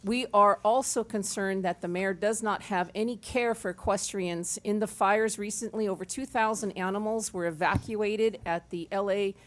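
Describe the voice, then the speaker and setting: A woman's voice: medium pitch, steady tone, moderate pace, few pauses, a bit bright. Woman pleading at a public hearing. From Los Angeles area. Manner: urgent, pleading. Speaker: public commenter.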